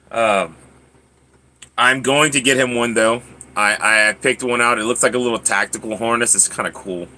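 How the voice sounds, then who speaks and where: Man, livestream host, bright voice, casual chatty delivery. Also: a little slow, pauses often. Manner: chatty, talks to his pets in a high coaxing voice; answers viewers' chat comments.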